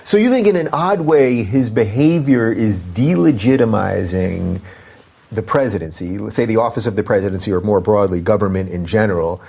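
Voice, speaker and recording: A male host interviewing a guest, asking probing questions and thinking out loud as he goes. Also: fairly low pitch, expressive, moderate pace, creaky, slightly rough. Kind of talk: interview conversation.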